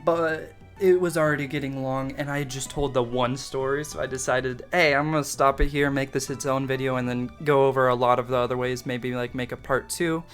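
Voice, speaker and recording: A man's voice: medium pitch, little pitch movement, fairly quick, hardly any pauses, a bit bright, soft background music. A young man telling a story from his school days in a casual, rambling way, swearing freely, mocking himself and laughing often.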